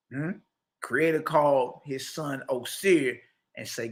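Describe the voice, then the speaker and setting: A man's voice: medium pitch, slow. A man leading a livestreamed scripture study, reading passages aloud and explaining them in casual slang while checking in with his listeners. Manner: reads passages aloud, then paraphrases. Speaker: teacher.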